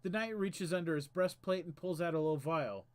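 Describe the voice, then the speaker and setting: A man's voice: fairly high pitch, fairly quick. A man hosting a casual game stream, chatting and reading game text aloud with small stumbles. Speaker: streamer host.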